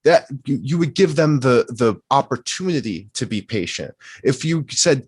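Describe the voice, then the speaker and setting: A man's voice: mid-range voice, big pitch swings, normal speed, hardly any pauses, no echo. A man in casual podcast chat, musing aloud and posing rhetorical questions.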